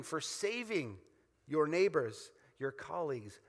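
A man's voice: fairly high pitch, big pitch swings, unhurried, long reverb tail. A man preaching a sermon as pastor, emphatic and repetitive, leading the congregation in call-and-response.

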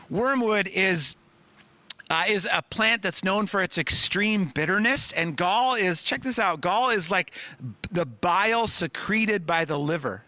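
A man preaching a sermon as pastor, earnest, dropping soft on key words and rising on questions. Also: high-pitched, animated, measured pace, no room sound.

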